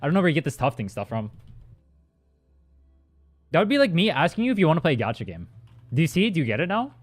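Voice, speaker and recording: A man's voice: on the high side, wildly swooping pitch, fast, no room sound. A young man streaming a game, chatting casually with his viewers, rambling and swearing as he answers chat. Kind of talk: casual livestream chat while gaming. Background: faint music from his playlist.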